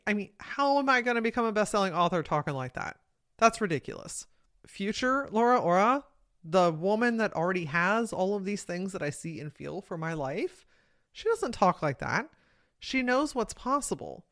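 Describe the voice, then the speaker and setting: A woman's voice: medium pitch, moderate pace, dry recording, studio quality. Upbeat woman giving motivational podcast talk. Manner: energetic, emphatic, casual with occasional swearing. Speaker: podcast host and coach.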